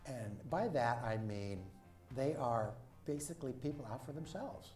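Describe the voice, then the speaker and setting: A man's voice: medium pitch, expressive, normal speed, darkish tone. A man answering interview questions in a dry, matter-of-fact way. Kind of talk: interview clip. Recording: echoey with faint music.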